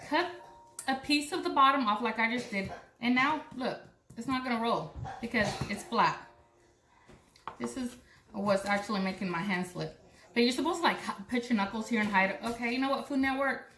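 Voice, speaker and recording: Young woman from Puerto Rico, cooking vlogger, higher voice, chatty and joking, echoey kitchen with dishes clinking. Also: normal speed, a bit bright, a little hiss or hum. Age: young adult. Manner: chatty, joking, talks to viewers while chopping. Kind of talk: casual cooking demo. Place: home kitchen.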